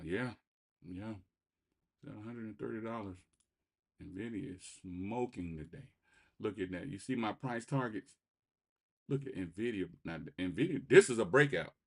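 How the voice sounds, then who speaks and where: With a fairly low, gravelly voice and a breathy edge, a man runs live market commentary over his screen for his trading channel, unhurried and pausing often. He's excitable and rambling, repeating himself and alternating between loud bursts and muttering.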